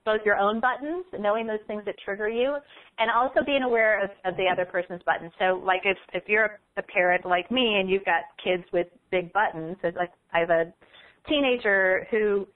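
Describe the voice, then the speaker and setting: A woman guest on an ADHD podcast, talking earnestly and acting out quick examples of inner thoughts. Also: medium pitch. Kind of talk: podcast interview. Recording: tinny phone line.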